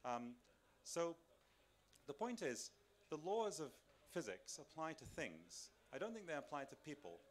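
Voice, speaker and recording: A man's voice: a little high, sing-song, unhurried. A man giving a public lecture to an audience in a large tent, talking in a conversational way with restarts and rhetorical questions, and moving around as he speaks. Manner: moves around while speaking. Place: large tent at a summer camp. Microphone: filmed by a camera.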